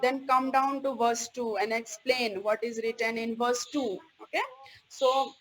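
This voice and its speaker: A woman's voice: a little high, fairly even intonation, unhurried, low-quality recording. A woman giving a recorded theology course lecture, stressing key words and checking in with "okay?" after each point.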